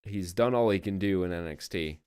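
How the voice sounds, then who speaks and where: Podcast co-host, male, lowish voice, dry close sound, emphatic casual chat with swearing. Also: normal speed, a little mellow, clean tone, no echo. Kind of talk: casual wrestling review chat.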